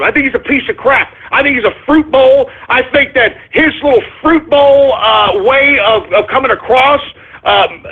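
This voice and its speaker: A man's voice: extremely high pitch, slightly rough. A man hosting a radio show, ranting angrily and profanely, repeating himself as he goes. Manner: angry, profane, repetitive ranting. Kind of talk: ranting call-in radio monologue. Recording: muffled phone-line audio.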